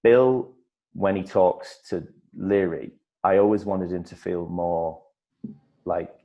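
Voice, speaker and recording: A man's voice: low-pitched, slow pace, gravelly, mellow. A man from northeast England with a northeast English accent, an actor chatting as an interview guest, thoughtful and rambling, with frequent restarts. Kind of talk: casual interview chat.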